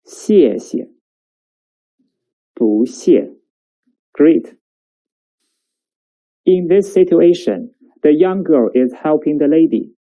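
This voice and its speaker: A woman leads a recorded lesson at an unhurried pace. Her voice is deep and mellow, never bright. She says words slowly and carefully so the student can repeat them. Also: lively intonation, rough recording. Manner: slow, careful enunciation with drills for the listener to repeat. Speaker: Chinese language teacher.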